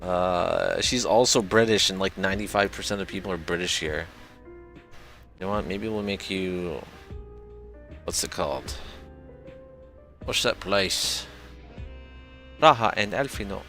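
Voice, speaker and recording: A man's voice: sits low, fairly even intonation, unhurried, pauses often, fairly bright tone, faint music behind. A man streaming a game, chatting casually and self-deprecatingly while reading dialogue aloud.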